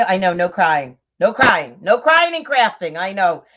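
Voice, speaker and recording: Middle-aged woman, New York accent, effusive livestream crafter, lowish voice, muffled audio. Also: sing-song, normal speed, hardly any pauses, fairly bright tone. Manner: chatty, effusive, talks to viewers by name. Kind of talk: casual livestream chat while crafting bows.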